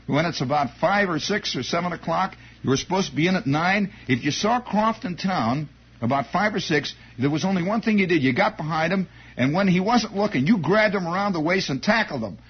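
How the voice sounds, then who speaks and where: Husky, lively-voiced male storyteller. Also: high-pitched, brisk. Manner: digressive, repeats words, wry asides. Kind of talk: rambling anecdote monologue. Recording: dull lo-fi recording.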